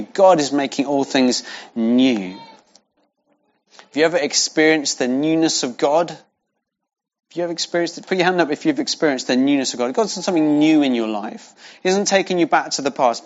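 A man preaching a sermon in a conversational way, repeating key phrases for emphasis. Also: mid-range voice. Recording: dull lo-fi sound.

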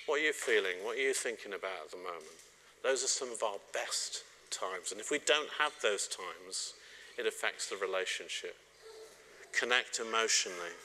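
A man's voice: medium pitch, a little hiss or hum. A middle-aged man gives a sermon on marriage, speaking straight to the congregation and joking now and then. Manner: warm, joking, direct address to the congregation. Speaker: preacher.

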